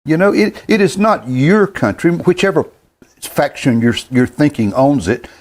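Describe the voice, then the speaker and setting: A man's voice: on the high side, expressive, a little slow, darkish tone. A man in his seventies hosting a show, talking earnestly in a plain-spoken monologue, often stumbling and repeating words as he goes. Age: 70s. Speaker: host.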